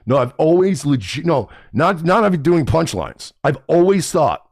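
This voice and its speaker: Swearing heavily and sounding indignant, a man with a fairly high, widely swinging voice rants casually to camera as a podcast host. His pace is normal, and the studio recording is clean and dry. He mimics others with put-on voices to mock them.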